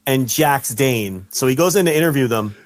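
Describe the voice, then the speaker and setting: A man co-hosting a casual wrestling podcast, telling stories with animation and shouting out the lines he quotes. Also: mid-range voice, lively intonation, normal speed. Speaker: podcast co-host.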